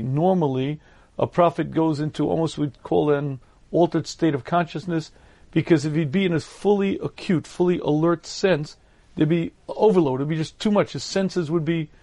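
A man giving a Torah lecture in a measured, explanatory way, often stopping to clear his throat. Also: fairly high pitch, warm tone, no room sound.

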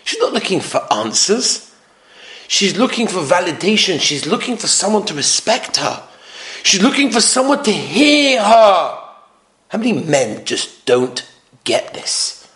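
Man, rabbi, animated lecture, emphatic repetition, roomy echo. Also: high-pitched, unhurried. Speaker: rabbi giving a talk on marriage. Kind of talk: lecture with anecdotes.

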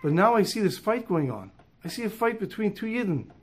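A man's voice: high voice, sing-song, fairly quick, breathy edge, voice pushed up, heavily acted. A man voicing a humble, poor passenger earnestly explaining a kind deed. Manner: earnest, modest. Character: humble, poor religious man, newly observant.

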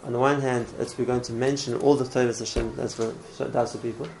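A man's voice: medium pitch, little pitch movement, quick pace, creaky, a little mellow, a little hiss or hum, rough recording. A man teaching a religious class in an earnest way, often repeating words and restarting his phrases. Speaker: Torah teacher.

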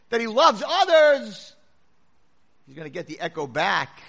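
A rabbi giving a sermon to a room of listeners, telling stories dramatically and swinging from a hush to full shouts. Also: male voice, high voice, sing-song, measured pace, gravelly, long pauses. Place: lecture hall with audience.

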